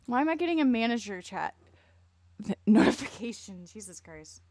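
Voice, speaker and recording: A woman's voice: a little high, a little fast, no echo. A young woman streamer reacting live in crude, jokey, rambling casual talk full of swearing.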